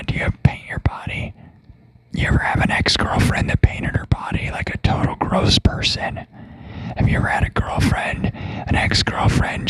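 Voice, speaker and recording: Brief: man doing a whispered role-play of a gentle TV painter, breathy hush, rambling and gloomy. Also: close to an everyday voice. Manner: hushed breathy whisper, drifting into odd tangents. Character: soft-spoken male TV painter, rambling and gloomy.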